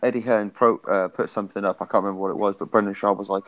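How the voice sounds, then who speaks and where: A man's voice: on the low side, steady tone, racing, few pauses, a bit bright, poor audio. A man chatting casually on an MMA late show, blunt and sarcastic, swearing as he tells stories. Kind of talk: casual chat watching fights.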